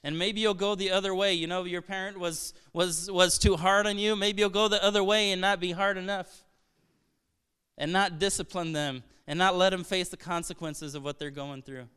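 A man's voice: sits high, steady tone, normal speed, pushed and bright, clear, resonant tone. A man from Brazil preaching a sermon as a pastor, earnest and conversational, with rhetorical questions and frequent restarts.

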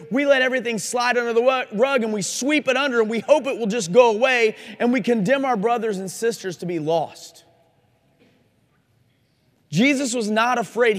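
A man preaching a sermon at a Christian conference, earnest and challenging, asking his listeners direct questions. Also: extremely high pitch. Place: conference hall. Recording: live recording in a reverberant hall.

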